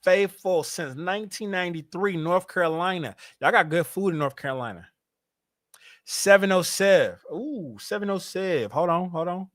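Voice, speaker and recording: A young man hosting a sports fan livestream, animated and hyped, talking straight to his chat. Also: sits high, moderate pace, no echo, clean studio sound. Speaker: fan show host.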